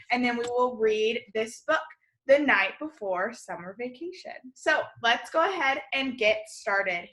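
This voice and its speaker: Woman kindergarten teacher, bright and fairly high voice, slow and encouraging with little kids. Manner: slow, encouraging and upbeat, speaking to small children. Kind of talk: distance-learning lesson to young children.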